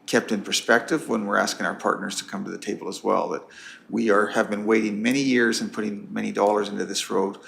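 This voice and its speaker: A man speaking as a county councillor in a council meeting debate, blunt and halting, with many restarts. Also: fairly low pitch, vocal fry, a bit bright, a little hiss or hum.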